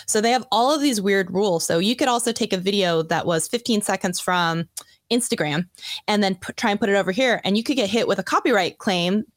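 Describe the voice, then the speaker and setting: A woman guest speaking as a video coach, chatting casually and quickly with many fillers over a video call. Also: medium pitch, no room sound, studio quality. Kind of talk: casual expert chat.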